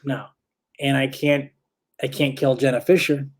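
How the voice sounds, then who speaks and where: A male stand-up comedian from St. Louis spins a long anecdote in a loose, rambling podcast chat. He backtracks and corrects himself mid-sentence, then jumps into the voices of the people in the story. His pitch sits in the middle of the usual male range. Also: level tone, unhurried. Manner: rambling, self-correcting, acts out quoted voices.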